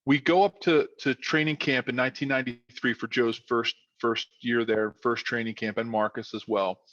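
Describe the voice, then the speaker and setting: A man in his fifties recounts old football days in a casual, rambling way, stacking fillers as he goes. His voice sits at a middle pitch. The recording is dry and slightly muffled, like a remote podcast call. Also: normal speed, no room sound. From South Philadelphia. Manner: rambling, animated with many fillers. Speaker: podcast guest, former football player. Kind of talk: casual storytelling.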